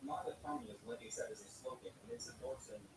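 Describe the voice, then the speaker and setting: A man hosting a livestream, chatting casually in a halting way with many fillers. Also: extremely high pitch, huge pitch swings, creaky. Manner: halting, full of fillers and restarts. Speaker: livestream host. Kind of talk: casual rambling chat. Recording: roomy, distant mic with noise.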